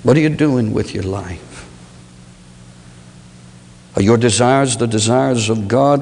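Male preacher, slow and husky, pleading rhetorical questions, long church reverb. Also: darkish tone. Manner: swings from low, slow reflection to high, pleading rhetorical questions. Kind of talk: sermon.

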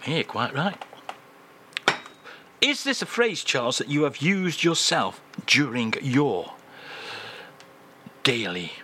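A man hosting a comic radio feature, playful and mock-grand, easily excited. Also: mid-range voice, slow pace, long pauses, slightly rough. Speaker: radio host.

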